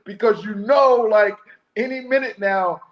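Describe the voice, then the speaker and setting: A man who used to be a police officer, talking casually and acting out quoted lines in a naturally loud voice. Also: high-pitched, measured pace, lo-fi sound. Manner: loud voice, acts out quoted speech. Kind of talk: casual podcast conversation.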